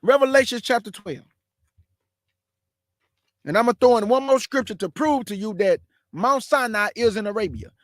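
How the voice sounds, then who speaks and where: High-voiced fast-talking preacher man. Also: no room sound, studio quality. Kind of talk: live-streamed bible teaching.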